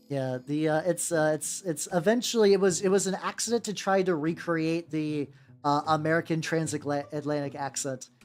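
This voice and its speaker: Male streamer in his 30s, rambling casual chat, cusses freely, music faintly behind. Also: a little high. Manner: rambling, swearing, slipping into goofy voices. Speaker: VTuber streamer. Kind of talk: casual chat while painting miniatures.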